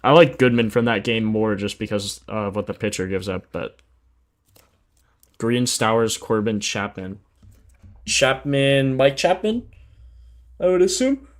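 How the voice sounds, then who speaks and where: Sleepy laid-back man with a low voice. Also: unhurried, pauses often. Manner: laid-back, slangy, reads stats aloud and answers chat. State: sleepy, just woke up. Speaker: sports betting livestream host. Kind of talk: casual livestream chat.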